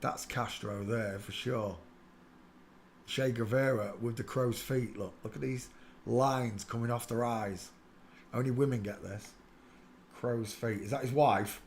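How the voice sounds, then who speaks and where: A man hosting a live stream, giving casual, mocking running commentary on pictures and greeting viewers by name. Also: a little hiss or hum. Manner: excitable, breaks into loud high laughter. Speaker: livestream host.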